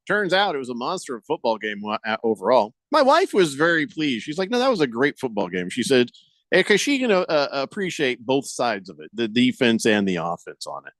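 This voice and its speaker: A man hosting sports talk radio, his voice sitting a bit higher than most men's. He jokes wryly and tells stories between listener messages. The studio sound is dry and close. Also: very animated, a little fast, a bit bright, dry recording. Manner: wry, joking storyteller, reads listener messages.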